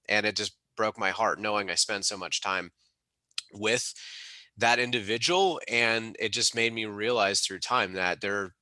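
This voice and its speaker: A man's voice: lowish voice, sharp tone, no echo. A man being interviewed, telling stories in an enthusiastic, rambling way with many restarts. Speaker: mobile home park operator and mentor. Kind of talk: casual interview storytelling.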